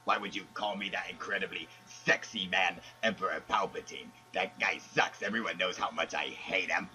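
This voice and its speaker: A man voicing a lying old male Sith emperor who poses as a hero on a prank call-in skit, with low, mumbling, mock-innocent denials. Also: steady tone, normal speed, pushed and bright, soft background music, low-quality recording.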